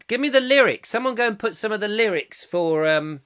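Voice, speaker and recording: A male chat show host who rambles playfully through viewer comments and makes fun of himself as he goes. His voice sits a little high and sounds bright and forceful. He trails off into humming when he loses his thread. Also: big pitch swings, a little fast. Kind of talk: comic live chat, reading viewer comments.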